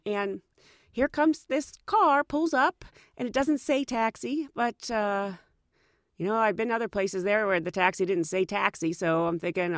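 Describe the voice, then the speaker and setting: Brief: chatty flight attendant woman, expressive storyteller, dry recording. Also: mid-range voice, dry recording. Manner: animated, chatty, frequent "you know". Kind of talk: casual storytelling.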